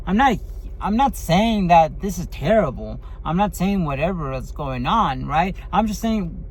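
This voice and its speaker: A man's voice: high voice, slight background noise, poor audio. A man giving a casual spoken movie review, rambling and full of fillers and tag questions.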